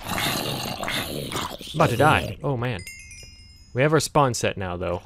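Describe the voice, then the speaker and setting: A man's voice: medium pitch, animated, takes it slowly, creaky, long pauses, noisy background. A man hosting a gaming channel, chatting to viewers as he plays, easily startled, with yelps and laughs. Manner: talks directly to viewers. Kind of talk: casual gameplay commentary.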